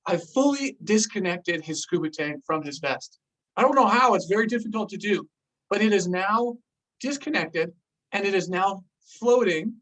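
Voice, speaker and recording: Animated storyteller, a bit off-mic. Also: mid-range voice, far from the mic, rough recording. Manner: casual, lots of "like", acts out gasps and exclamations. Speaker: host recounting a diving story.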